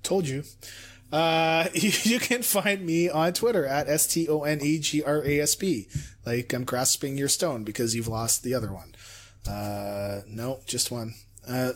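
A man co-hosting a gaming podcast, rambling and joking with frequent stammers. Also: on the high side. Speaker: podcast co-host. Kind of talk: casual podcast chat.

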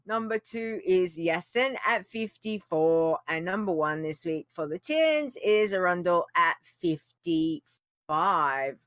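Slow-talking woman co-host. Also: lowish voice, animated, a bit bright, no room sound, clean studio sound. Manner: chatty, teasing. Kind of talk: casual podcast chat.

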